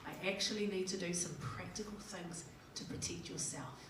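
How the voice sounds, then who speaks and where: Speaking at a conference, this middle-aged New Zealand woman has a lowish, steady voice at a moderate pace as she delivers a chatty, funny talk full of acted-out dialogues. The recording is made from afar in a very echoey hall, with a noisy background of audience laughter.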